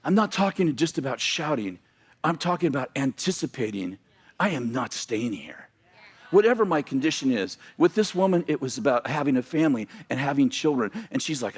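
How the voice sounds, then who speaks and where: A male pastor preaching a sermon in a church, animated and excitable, often breaking into loud shouting and laughing at himself. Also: medium pitch, brisk, breathy edge. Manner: animated, reads scripture then paraphrases loudly.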